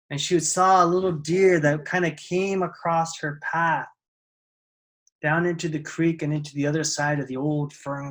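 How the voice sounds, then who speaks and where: A storyteller telling a fable in a soft, unhurried way, with a mid-range voice. The telling stays casual and conversational, peppered with little fillers. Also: medium pitch, poor audio.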